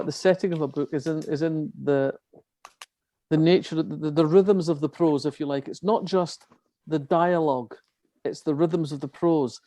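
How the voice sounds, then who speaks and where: A woman's voice: sits low, a little mellow, dry recording. Older scottish-born lady writer, rambles and restarts a lot, very dry close mic. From Scotland. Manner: chatty, with many restarts. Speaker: crime novelist guest. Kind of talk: festival talk on a video call.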